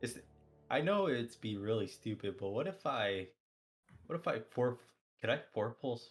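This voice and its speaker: A man's voice: mid-range voice, expressive, moderate pace, husky. A young man talking casually as a player, joking and laughing as he bantered. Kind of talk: casual game chat.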